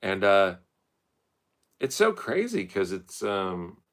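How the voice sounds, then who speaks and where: Male host, wandering profane monologue, gravelly fry, very animated pitch. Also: slow. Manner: profane, meandering, stream-of-consciousness. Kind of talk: rambling casual monologue.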